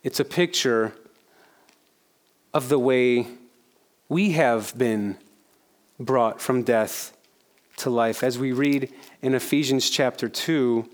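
A man's voice: mid-range voice, slow pace, long pauses. A male pastor preaching a sermon in a conversational way, repeating phrases for emphasis.

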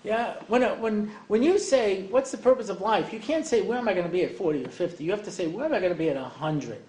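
Delivering an evening talk to an audience, this older man speaks fast and animatedly in a high, somewhat mellow voice, with a little hiss or hum present. He jokes, wanders into asides, and leans heavily on "you know," while the room echoes with faint ambience.

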